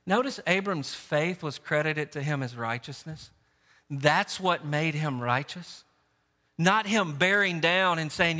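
Middle-aged male pastor, sermon delivery, high bright voice, animated and conversational, long church-hall reverb. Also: measured pace. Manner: animated, conversational preaching with repeated words.

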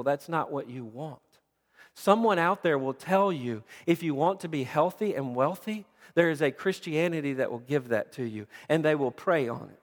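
A man preaching a sermon with passion, often repeating words as he builds his point. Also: fairly high pitch. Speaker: pastor. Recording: long reverb of a large hall.

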